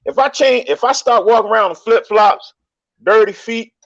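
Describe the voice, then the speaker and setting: A man talking in a casual online debate, animated, often repeating and restarting his phrases. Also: high voice, moderate pace. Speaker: panelist in online discussion. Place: lives in Colombia. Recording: dull lo-fi stream audio.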